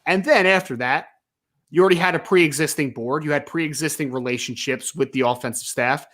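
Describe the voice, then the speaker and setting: A man co-hosts a sports podcast in a relaxed, explanatory way, fielding listener questions. His voice sits a bit higher than most men's. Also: brisk. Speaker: podcast co-host. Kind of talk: casual sports podcast chat.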